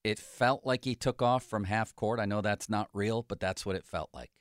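A man, a sports journalist, chatting casually about sports in a lively, joking way. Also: on the low side, dry recording, studio quality. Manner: lively, joking, quick to laugh.

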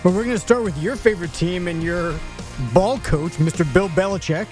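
Male radio co-host, wry and teasing, notably high voice, faint music bed underneath. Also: a little fast, darkish tone. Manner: wry, teasing, sets up topics. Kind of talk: casual sports talk.

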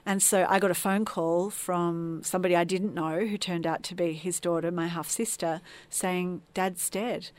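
A woman from Tasmania, a podcast guest, telling her personal story in an earnest, reflective way. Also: fairly low pitch. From Tasmania, Australia.

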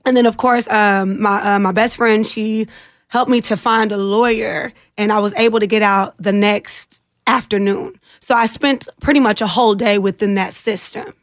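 A woman's voice: mid-range voice, moderate pace, no room sound, studio quality. A woman guest in an interview, earnestly retelling a distressing personal experience and acting out others' words. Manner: earnest, emotional retelling with animated quoted voices.

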